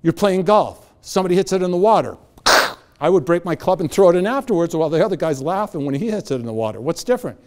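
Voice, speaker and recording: A man's voice: high-pitched, fast talker. A middle-aged man giving a motivational talk, telling stories and acting out the voices of the people in them. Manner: animated storyteller acting out voices. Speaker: motivational speaker. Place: event hall.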